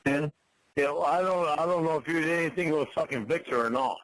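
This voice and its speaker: A man's voice: fairly high pitch, fast talker, a bit bright, dry recording. A drunk man on a phone call, stammering and repeating himself as he throws out angry accusations. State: drunk, slurring. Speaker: prank call target.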